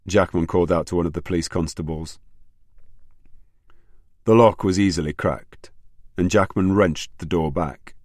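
A man reading an audiobook in a measured, steady narration. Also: sits low, no room sound, clean studio sound. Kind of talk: scripted narration.

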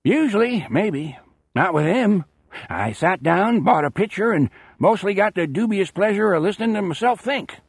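Audiobook character: a man playing a gruff, sarcastic man, raspy and pitched up, sharp and lively. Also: normal speed, no room sound, studio quality, heavily acted. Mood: sardonic. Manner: sarcastic, salty talk. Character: cynical gruff man, rasping and blunt.

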